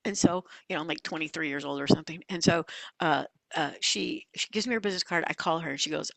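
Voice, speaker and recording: Folksy woman coach telling lively stories. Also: sits low, fast talker, vocal fry, no room sound. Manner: folksy, animated storytelling with asides. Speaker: leadership coach and instructor. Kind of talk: lively webinar teaching.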